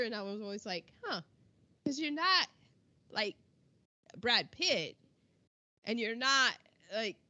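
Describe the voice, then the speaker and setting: A woman co-hosting a casual film discussion, telling the plot in an animated, exclamatory way and throwing in slang. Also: on the high side, muffled recording. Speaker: podcast co-host.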